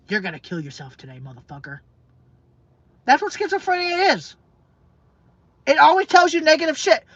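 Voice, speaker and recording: A woman's voice: high-pitched, bright, forceful tone, no echo. A woman vlogger in an emotional, emphatic rant to her camera, repeating herself, swearing and stumbling over fillers. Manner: emphatic, repetitive, profane, halting with fillers. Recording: dull lo-fi dry sound.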